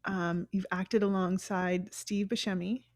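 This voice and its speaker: A woman co-hosting a casual chat show, reasoning out loud in a relaxed, hesitant way. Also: medium pitch, measured pace, no echo, clean studio sound. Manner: thinks aloud, hesitant. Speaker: co-host.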